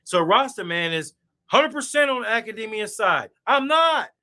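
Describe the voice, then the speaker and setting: Man, boastful profane rant, bright tense voice, highish pitch, casual call chat. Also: moderate pace. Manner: boastful, profane, animated ranting; drinking beer while talking. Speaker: guest speaker. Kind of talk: heated casual debate chat.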